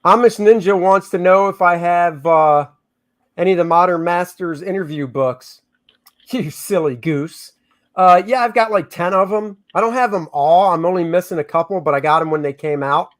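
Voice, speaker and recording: A middle-aged man talks casually on a livestream, his voice sitting a little high. He jokes with his co-host and reads out viewer comments as they come in. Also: a little fast. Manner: joking, reads chat comments aloud. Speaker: comic artist hosting a livestream.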